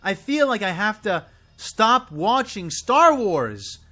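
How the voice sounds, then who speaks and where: A man's voice: sing-song, slow pace, bright, forceful tone. A man giving an impassioned, exasperated solo rant to camera, swearing and sputtering as he goes. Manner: exasperated, swearing, high and swooping. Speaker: video creator ranting about a show.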